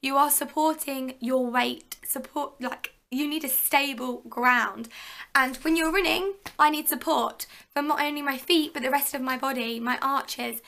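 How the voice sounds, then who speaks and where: A woman's voice: high voice, unhurried, gravelly, bright, forceful tone. A young woman from England chatting casually to viewers as a fitness vlogger, full of fillers and asides. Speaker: fitness vlogger, personal trainer. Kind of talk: casual show-and-tell vlog.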